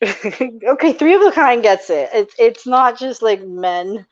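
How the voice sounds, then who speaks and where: A woman's voice: a little high, lively intonation, unhurried, dull audio. Teasing, profane woman on a podcast. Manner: teasing, profane, laughs often. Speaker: podcast co-host. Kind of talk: casual chat.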